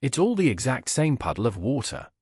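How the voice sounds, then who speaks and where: A man voicing a stubborn, loud male pub quiz contestant who barks his points indignantly. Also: mid-range voice, sing-song, fairly quick, breathy edge, no echo, studio quality, heavily acted. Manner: barking, indignant.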